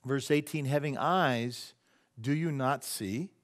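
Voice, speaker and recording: A pastor preaching in a church with a mid-pitched voice. He talks loosely and with humor. He slips into short acted voices for the people he describes. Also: slow. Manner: animated, acts out voices and jokes with the congregation. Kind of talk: sermon.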